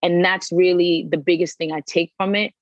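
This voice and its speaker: A woman guest in a casual interview, telling stories in an animated, emphatic way and repeating words for effect. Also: lowish voice, normal speed, no echo, lo-fi sound. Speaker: podcast guest.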